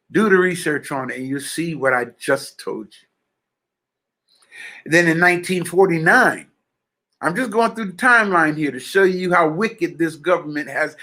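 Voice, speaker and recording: A man's voice: on the high side, sharp tone. A man giving an impassioned message in a fervent, preacher-like way. He addresses his listeners directly and repeats phrases for emphasis. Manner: addresses listeners directly and checks they follow. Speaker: spiritual speaker.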